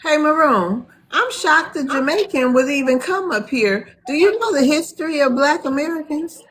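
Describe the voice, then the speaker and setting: A woman's voice: sits high, expressive, normal speed, a bit bright. A woman hosting a heated live online panel, scolding and heckling the callers. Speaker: panel host.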